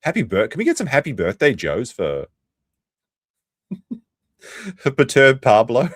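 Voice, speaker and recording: A man streaming live, reacting to a video with sarcastic, animated commentary and some swearing. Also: mid-range voice, unhurried, husky, no room sound, studio quality.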